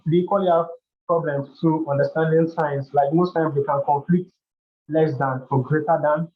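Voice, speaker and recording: A man hosting a workshop, explaining topics step by step in a loose way with frequent restarts. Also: a little high. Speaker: workshop host. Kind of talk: educational talk. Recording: dull lo-fi sound.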